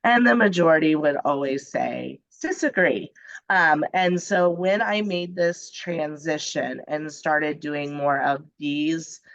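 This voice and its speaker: A woman's voice: low-pitched, slow pace, vocal fry, few pauses, no echo. Woman in her forties, congested with flu, chatty teacher presenting over a dry, slightly dull computer mic. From Indiana, US. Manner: candid, chatty, many ums. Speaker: junior high math teacher presenting to teachers. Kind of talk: webinar presentation. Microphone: computer mic on a video call.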